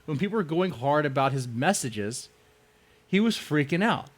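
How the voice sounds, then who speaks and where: A man commenting on a live stream in a sarcastic, mocking way. His pitch rises and falls a lot. He keeps the talk casual and teasing. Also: normal speed. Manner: sarcastic, mock voices, lively swings in tone. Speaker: stream host reacting to a debate.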